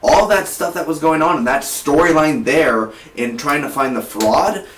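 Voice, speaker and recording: A man's voice: on the high side, normal speed, far from the mic, a little hiss or hum. Rambling young man, roomy sound. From South Texas. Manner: energetic, rambling, frequent restarts. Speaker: movie reviewer. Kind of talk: casual movie review vlog. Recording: roomy, voice set back from the mic.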